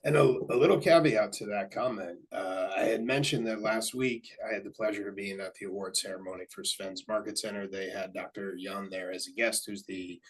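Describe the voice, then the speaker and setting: A man's voice: lowish voice, steady tone, a little fast, hardly any pauses, slightly rough, rough recording. A man hosting a real estate webinar, affirming his guest and walking through market statistics. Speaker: webinar host. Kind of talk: webinar interview.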